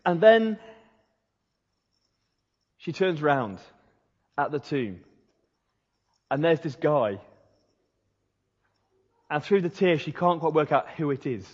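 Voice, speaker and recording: A man preaching a sermon and telling a story, lively, then dropping to a hushed voice to stress a point. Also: a little high, slow, pauses often, husky. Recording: dull sound with long hall reverb.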